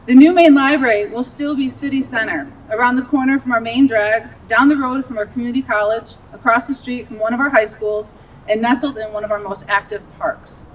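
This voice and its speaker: A woman's voice: a little high, a little hiss or hum. Emotional woman giving an outdoor speech. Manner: earnest, a little emotional, laughing at herself. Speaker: library director. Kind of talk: ceremony speech. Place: outdoors at a groundbreaking. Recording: distant outdoor recording, faint ambience.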